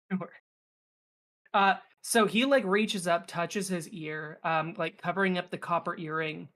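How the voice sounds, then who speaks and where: A man's voice: high voice, steady tone, a little slow, fairly bright tone. A young man narrating as game master, rambling with lots of fillers and restarts.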